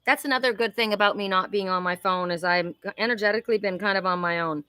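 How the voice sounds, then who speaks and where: A woman's voice: medium pitch, fast talker, pushed and bright, clean tone, no echo. A woman in her sixties hosting a live oracle reading, chatting effusively and talking to viewers by name. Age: 60s. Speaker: host.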